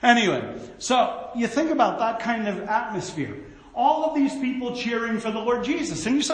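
A man preaching a sermon, folksy and animated, with storytelling asides. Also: extremely high pitch, normal speed, roomy sound, low-quality recording.

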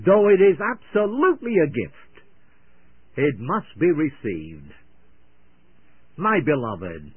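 A man delivering a fervent evangelistic radio sermon, pleading and oratorical, with a husky voice that often clears its throat. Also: fairly high pitch, no echo. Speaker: radio preacher. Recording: tinny old radio broadcast.

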